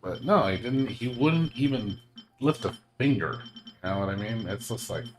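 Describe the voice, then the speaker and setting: A man with a fairly low voice rants to his viewers while he plays, swearing freely and stumbling through fillers and restarts. Faint game music runs under his casual streaming chat. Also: expressive, normal speed. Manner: ranting, swears a lot, lots of fillers.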